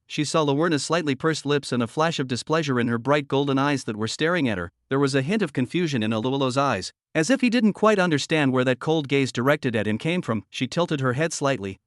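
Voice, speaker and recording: A man narrating a scripted comic recap with a steady, even delivery. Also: on the high side, no room sound, clean studio sound.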